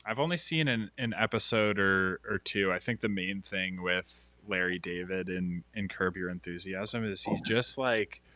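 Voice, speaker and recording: A man co-hosting a casual livestream chat, upbeat and quick to laugh, often restarting his sentences. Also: low voice, bright, forceful tone, no room sound. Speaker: stream co-host.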